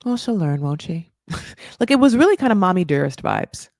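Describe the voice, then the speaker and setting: A woman's voice: lowish voice, big pitch swings, normal speed, darkish tone, no echo, studio quality. A woman hosting a casual reality-show recap, gossipy and sarcastic, swearing and filling her talk with "like".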